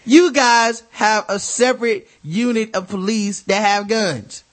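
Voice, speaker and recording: High-voiced man, profane podcast co-host. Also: unhurried, a bit bright. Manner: profane, joking, reads news aloud with riffs. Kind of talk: casual comedic chat, reading listener mail.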